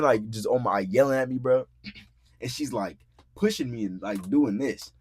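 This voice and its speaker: A young man hosting a podcast, telling a story in casual, profane talk, acting out quotes loudly and filling his speech with "bro" and "like". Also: medium pitch, lively intonation, normal speed, slightly rough, no echo. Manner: frequent filler words like "bro" and "like". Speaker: podcast host. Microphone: podcast mic.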